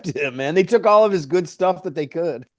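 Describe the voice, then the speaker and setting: A man's voice: sits high, expressive, fairly quick, dry recording. Middle-aged male mountain guide, loose rambling storyteller, full of "like", dry close-miked sound. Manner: rambling, says "like" and "hey, man" often. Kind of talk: casual storytelling interview.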